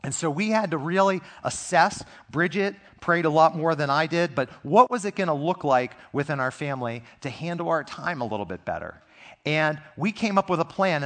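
Higher-voiced man preaching conversationally. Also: fairly bright tone. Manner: conversational, earnest preaching with personal stories. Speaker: pastor. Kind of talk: sermon.

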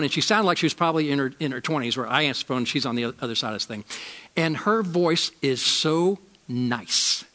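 A man preaching a sermon as a pastor, telling a personal story and repeating key lines slowly for emphasis. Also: fairly high pitch, in a large hall. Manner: storytelling, shifts from loud emphasis to slow, quiet lines.

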